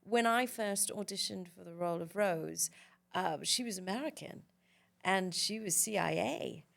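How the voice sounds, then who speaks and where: A woman's voice: medium pitch, normal speed, vocal fry, a bit bright. A woman actress chatting as an interview guest, enthusiastic and talkative, with laughs and filler words. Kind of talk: casual interview chat.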